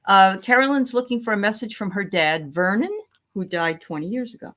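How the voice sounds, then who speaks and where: A woman's voice: mid-range voice, a little fast. A woman host in casual chat who reads cards with an upbeat, laughing manner. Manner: lively, warm laughter, upbeat. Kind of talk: casual chat and card reading.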